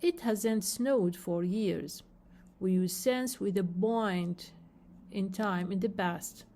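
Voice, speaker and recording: A woman's voice: mid-range voice, slow, warm tone. A woman teaching English grammar, spelling out word endings letter by letter and repeating key phrases, with some non-native phrasing. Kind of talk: slow explanation of grammar rules.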